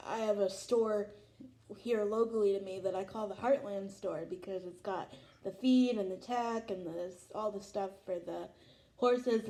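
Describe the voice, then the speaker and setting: A woman's voice: mid-range voice, dark tone. A young woman hosting a vlog, chatting about a show as an emotional, gushing fan. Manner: gushing, emotional, lots of "oh my God". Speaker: vlog host. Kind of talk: casual fan reaction chat.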